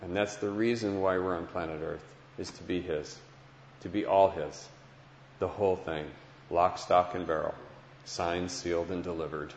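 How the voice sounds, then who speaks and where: Earnest preacher in an echoey hall. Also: male voice, sits low, fairly even intonation, moderate pace, a little hiss or hum. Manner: warm, earnest, repeats phrases. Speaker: preacher giving a testimony. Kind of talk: heartfelt Christian sermon. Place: large hall with listeners. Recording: dull lo-fi sound with long hall echo.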